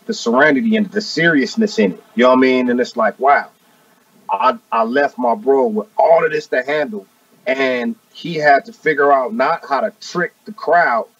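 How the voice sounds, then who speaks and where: A man in his forties, a rapper being interviewed, talking in a relaxed, casual way and often adding "you know what I mean.". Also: medium pitch, vocal fry, no room sound, recorded from a distance. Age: 40s. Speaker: rapper guest. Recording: dry, muffled audio from off-mic.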